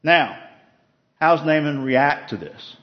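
A man's voice: fairly high pitch, animated, takes it slowly. Man teaching a casual Bible study, lo-fi. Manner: conversational, asks the group questions. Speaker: preacher leading a Bible study.

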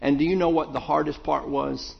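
A man's voice: fairly high pitch, fairly even intonation, fairly quick, gravelly, lo-fi sound. A man preaching a sermon in a conversational, thoughtful way, often restarting and repeating words as he works through a thought.

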